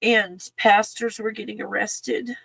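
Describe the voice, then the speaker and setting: Husky-voiced woman, tearful and halting. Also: mid-range voice, little pitch movement, no echo, low-quality recording. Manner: tearful, halting, soft-spoken with sighs and laughs. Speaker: channel host. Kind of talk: emotional casual monologue.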